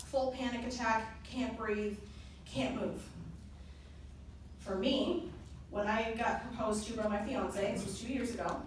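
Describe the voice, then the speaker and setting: Young woman, high voice, lively anecdotal convention speaker heard from across a reverberant hall. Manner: lively storytelling, laughing often. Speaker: presenter at a company convention. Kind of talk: motivational talk with personal anecdotes. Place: large conference hall. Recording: echoey hall from far off, noisy.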